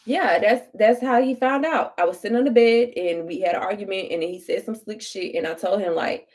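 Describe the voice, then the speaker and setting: A woman's voice: mid-range voice, fairly quick, a little mellow. A young woman telling stories to viewers in a casual get-ready-with-me vlog, blunt and full of profanity. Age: young adult. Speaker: vlogger.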